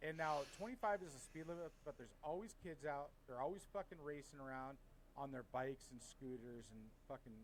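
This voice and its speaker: A middle-aged man from Washington State telling a story in a casual podcast chat, heated, swearing often, and animated. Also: mid-range voice, a little fast, a little hiss or hum, poor audio. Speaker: podcast co-host.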